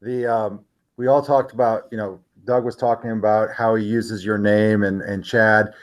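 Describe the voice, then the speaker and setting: Relaxed man hosting a school podcast. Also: on the low side, moderate pace. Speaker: podcast host, school principal. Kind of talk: casual podcast chat.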